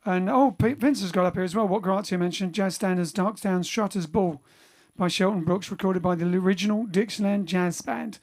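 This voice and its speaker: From his home during lockdown, a man livestreams for his band, casually chatting and reading out viewer comments in a rambling way with lots of fillers and restarts. His high, slightly mellow voice moves fairly quickly with few pauses.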